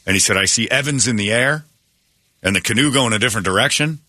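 A man's voice: mid-range voice, quick pace, pushed and bright, no echo, studio quality. A man hosting a morning radio show, animatedly retelling a story with quoted voices and many restarts. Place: radio studio. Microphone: studio microphone.

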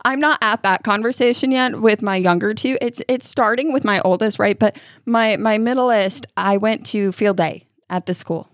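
Middle-aged woman, parenting podcast co-host, lively storyteller, mid-range voice, dry close mic. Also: mid-range voice, no room sound. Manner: expressive storytelling with quick restarts. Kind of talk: casual chat.

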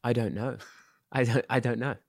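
A young man with an English accent talks easily as a guest, filling his sentences with casual fillers and laughing often. His voice sits at a middle pitch. It is recorded close and dry, with no room sound. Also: moderate pace, gravelly, dry recording. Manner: relaxed and chatty, laughs often, many fillers. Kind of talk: casual chat.

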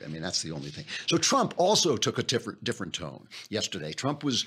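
A man's voice: on the low side, huge pitch swings, fairly quick, few pauses, fairly bright tone, a little hiss or hum. A man hosting a political talk podcast, chatty and sarcastic, laughing often. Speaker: host.

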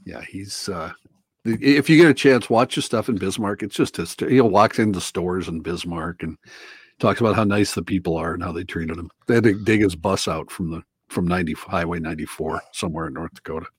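A man co-hosting a radio show, chatting casually in a relaxed, halting way. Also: sits low, husky, dry recording. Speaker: radio host. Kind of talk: casual chat.

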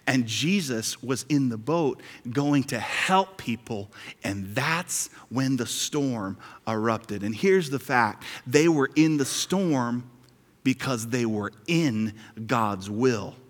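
A male pastor preaching a sermon in a conversational, joking way, repeating key lines. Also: mid-range voice. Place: church sanctuary. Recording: hall reverb.

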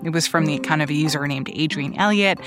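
A woman's voice: low-pitched, fast talker, over music. A woman hosting a news podcast, narrating in a conversational, lightly amused way. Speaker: podcast host.

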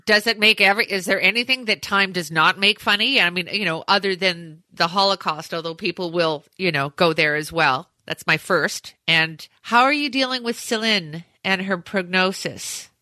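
Casting note: woman podcast host, bright forward tone, dry close sound, chatty. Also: on the low side, moderate pace, few pauses, no room sound. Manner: chatty, rambling questions. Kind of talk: casual interview chat.

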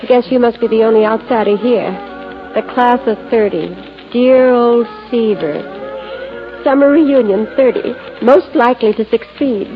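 A woman's voice: on the high side, moderate pace, natural voice. An actress playing a rueful, teary wife in her forties. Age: 40s. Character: bitter, self-pitying former wallflower wife, 42. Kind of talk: 1940s radio acting. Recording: lo-fi old radio recording with music.

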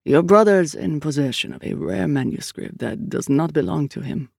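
A man doing a calm older priest. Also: fairly high pitch, creaky, dry recording, studio quality. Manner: calm, measured. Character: deep-voiced older male priest, studiously calm.

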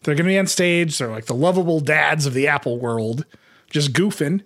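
Guy hosting a tech podcast, kinda high voice, talks fast and laughs a lot, trips over his words. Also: lively intonation, a bit bright. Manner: fast, laughing, thinks aloud with many restarts. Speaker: podcast host. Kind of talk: casual tech news chat.

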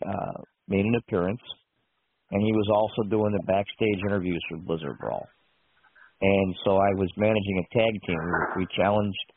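A man's voice: fairly low pitch, slight background noise. A male radio host in casual call-in chat who tells rambling stories full of asides. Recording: tinny phone line.

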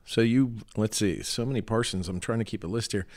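A man's voice: lowish voice, fairly quick, darkish tone. A middle-aged man co-hosting a podcast, joking and teasing his partner in casual chat. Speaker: podcast co-host.

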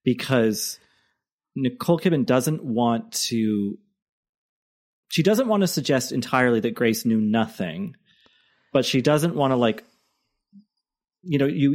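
A man's voice: mid-range voice, expressive, a little mellow. A man co-hosting a podcast, chatting casually about a TV episode, full of fillers and restarts. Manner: halting, many fillers and restarts. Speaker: podcast co-host.

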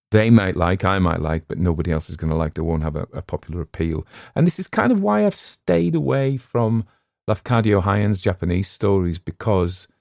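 This low, warm male voice with vocal fry belongs to a podcast host and audiobook narrator from West Cumbria, England, who has a West Cumbrian accent. His casual rambling chat is digressive and self-deprecating, recorded in clean studio sound without echo.

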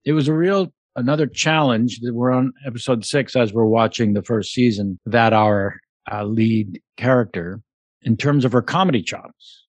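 A man's voice: medium pitch, normal speed, dry recording. A man hosting a casual interview podcast, chatty and playful, given to slipping into impressions. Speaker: podcast host.

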